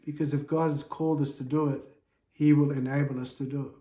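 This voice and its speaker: Male preacher, slightly high voice, earnest exhortation, echoey church room. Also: level tone, fairly quick, warm tone. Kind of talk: sermon.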